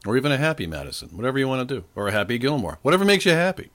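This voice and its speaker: A man in his forties or older, slightly hoarse, hosting a casual trivia quiz podcast with a playful, joking manner. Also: medium pitch, big pitch swings, racing, a bit bright. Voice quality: playful, jokey. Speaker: podcast host. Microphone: desk microphone.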